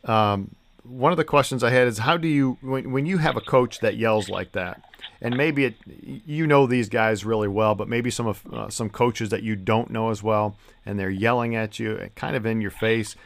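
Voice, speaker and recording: A man's voice: on the low side, normal speed. A man hosting a referee podcast, asking a guest questions in a friendly, teasing way. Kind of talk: podcast interview.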